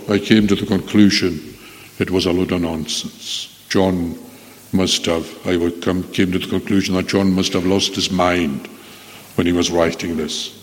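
A man preaching a sermon with earnest pleading that swells and drops. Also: deep voice. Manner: earnest pleading, rising and falling. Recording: long echo of a hall.

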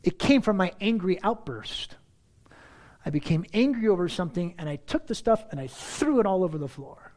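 A man reading scripture aloud expressively, then speaking softly and personally as a preacher. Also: high voice, normal speed. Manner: expressive reading, then soft confessional talk.

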